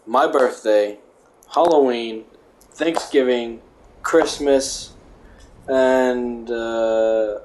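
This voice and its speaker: A man reads aloud in a casual, halting way, tripping over words and going back to fix them. He breaks off for dry, joking comments, and his voice sits at an ordinary middle pitch. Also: a little mellow, a little hiss or hum. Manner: stumbling, self-correcting reader with wry asides. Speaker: vlogger.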